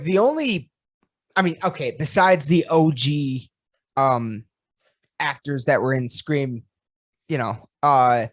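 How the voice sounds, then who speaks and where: Casting: woman, lower voice, rambly and upbeat podcast co-host. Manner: rambling, restarts, laughs easily, swears. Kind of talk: casual chat.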